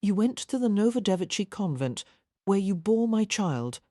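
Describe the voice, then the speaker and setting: A woman voicing an intense, ardent Russian nobleman in an audiobook, speaking low and earnestly. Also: very animated, moderate pace, mellow, no echo, studio quality. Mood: intimate. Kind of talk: audiobook character reading.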